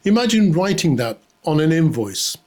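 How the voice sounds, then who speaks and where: A man's voice: a little high, big pitch swings, normal speed, a little mellow. A man delivering a satirical comedy monologue in a sarcastic, mock-outraged way, often laughing at his own jokes. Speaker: comedy host.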